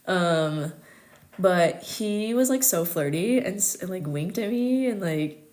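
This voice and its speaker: A young woman from the United States hosts an astrology livestream, chatting casually with lots of giggles and fillers. Her voice sits on the low side, animated and a little mellow, and she speaks at a slow pace.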